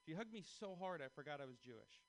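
A young man performs a stand-up comedy set, his voice sitting a little high. He talks animatedly and jumps into other people's lines as he tells his stories. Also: lively intonation, fast, rough recording.

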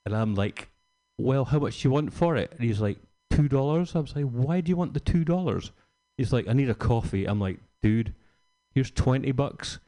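A man's voice: mid-range voice, moderate pace, dark tone. A man doing a stand-up set, telling a rambling, profane anecdote and acting out the quotes. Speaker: stand-up comedian.

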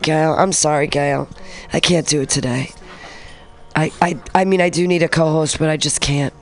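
A man's voice: on the high side, creaky. A man hosting a radio show, reading news items and ranting about them in a sarcastic, profane way.

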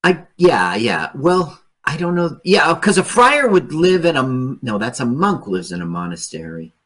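Animated man cracking jokes over a film. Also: mid-range voice, normal speed. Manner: joking, puts on silly voices for characters. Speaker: co-host riffing on an old film. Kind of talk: casual banter over a movie.

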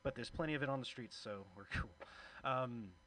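A man's voice: medium pitch, moderate pace, fairly bright tone, a little hiss or hum. A man doing a conversational stand-up comedy set, telling a self-deprecating story at a small club. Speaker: stand-up comic and open mic host.

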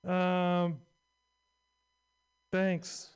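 A young man works a comedy club stage, rambling through a crude, self-deprecating set. His voice sits a little on the high side, and he talks through a stage microphone. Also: monotone, drawn-out words, clean tone. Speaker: stand-up comedian.

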